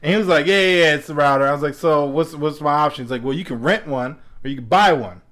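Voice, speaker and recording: A young man casually telling a story, acting out both sides of a phone call, animated and laughing often. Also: fairly high pitch, fast talker.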